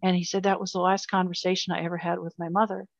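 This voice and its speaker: Woman, older, interview guest, heartfelt storytelling, lowish voice, dry close sound. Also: flat delivery, quick pace, gravelly, no room sound, dull audio. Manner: emotional, earnest storytelling with repetitions. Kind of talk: personal story in a podcast interview.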